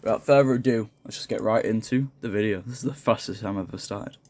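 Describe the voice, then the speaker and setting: A man's voice: lowish voice, fast talker, darkish tone. A young man reading a horror story aloud in a casual, jokey way, often stumbling over words and laughing at his own slips. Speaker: creepypasta reader.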